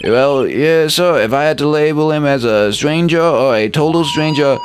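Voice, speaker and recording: A man's voice: a little high, normal speed, slight background noise, voice pushed up, close to an everyday voice. A man voicing a jittery, overly formal young male cop who keeps saying "sir" in a game playthrough. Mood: earnest. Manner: ends sentences with 'sir', earnest and flustered.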